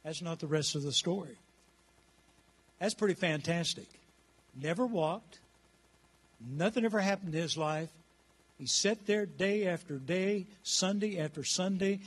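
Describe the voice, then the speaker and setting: Speaking unhurriedly and pausing often, this high-pitched pastor in his sixties stirs up his church with a rousing sermon. He urges the congregation to respond to him.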